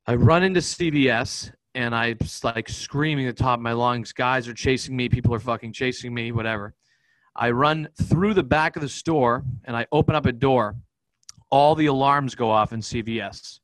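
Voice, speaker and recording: A man, a podcast guest, telling a personal story in a rapid, profane, vivid way. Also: medium pitch, no room sound, low-quality recording. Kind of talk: candid storytelling in an interview.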